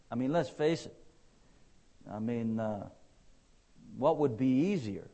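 A man's voice: a little high, a little mellow. A man preaching a conversational sermon, with rising emphatic peaks and frequent fillers.

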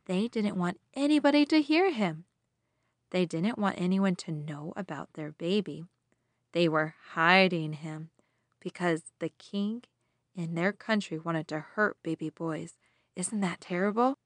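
Woman host of a kids' devotional, slow sing-song storyteller who asks questions, dry close recording. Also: lowish voice, dry recording. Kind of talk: children's Bible storytelling.

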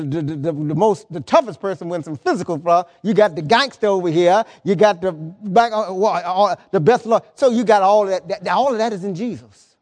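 A man's voice: sits high, darkish tone. A man preaching a sermon as pastor, emphatic and colloquial, repeating words and pressing his points to the congregation. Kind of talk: lively sermon.

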